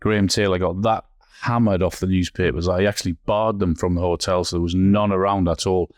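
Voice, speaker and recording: A man co-hosting a casual chat, telling stories in an unhurried, halting way. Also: low-pitched, fairly even intonation, dry recording, studio quality. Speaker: podcast co-host.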